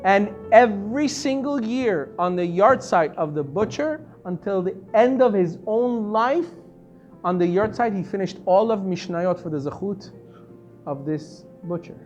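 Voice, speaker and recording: Animated rabbi telling a story. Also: male voice, measured pace, highs cut off, faint music behind. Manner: animated storyteller, acting out quoted voices, pitch swinging from soft to loud. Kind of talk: storytelling lesson.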